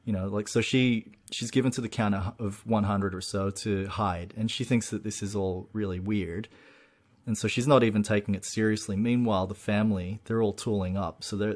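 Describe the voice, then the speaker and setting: A man co-hosting a casual film-review podcast, walking through the plot in long, winding, animated sentences. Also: fairly low pitch. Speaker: podcast co-host.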